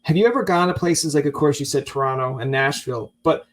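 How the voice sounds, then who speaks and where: A man's voice: a little high, fast. A man from Newfoundland hosting a podcast interview, chatting casually and acting out little joking exchanges. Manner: jokey, acts out little quoted exchanges. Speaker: podcast host.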